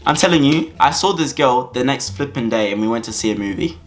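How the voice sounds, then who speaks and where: Animated young man telling a story. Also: medium pitch, a little fast. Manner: animated, laughing, dramatic exaggeration. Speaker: vlogger. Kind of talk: comic storytime.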